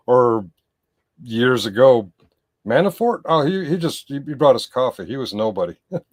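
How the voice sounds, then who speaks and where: A man's voice: fairly low pitch, darkish tone. A man commenting on a livestream in a casual, rambling way, often stopping to correct himself and address his chat.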